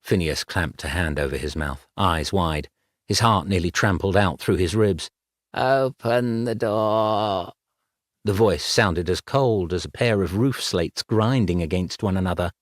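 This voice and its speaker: Male audiobook narrator, low voice, dry booth sound. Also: no room sound. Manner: measured, even storytelling. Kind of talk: scripted narration.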